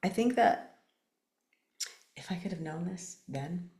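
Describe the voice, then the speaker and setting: Older woman host, low-pitched, chatty and meandering; recorded in an echoey room. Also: expressive, slow pace, dark tone. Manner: rambling, many fillers and restarts. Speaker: podcast host. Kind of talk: casual interview chat.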